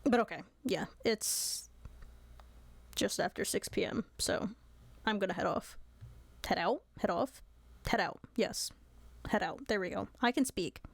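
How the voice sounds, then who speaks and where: A woman's voice: medium pitch, a little slow, vocal fry, husky, no echo. A woman streamer chatting casually with her viewers, giggly and apologetic.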